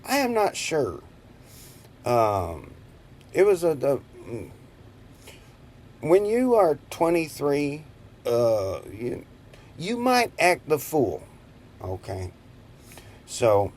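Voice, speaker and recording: Man in his 50s, casual storyteller, slow drawl, lively up-and-down pitch, rambling and chuckly. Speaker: vlogger.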